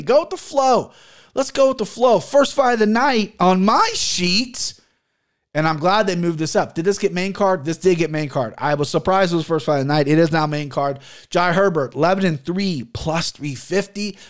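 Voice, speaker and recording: A young man chatting on his own podcast in a loose, profane, joking way. His voice sits a bit high for a man, and he rambles through stories and betting picks. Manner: loose, profane, jokey storytelling. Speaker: podcast host and sports betting picker. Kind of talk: casual solo podcast chat.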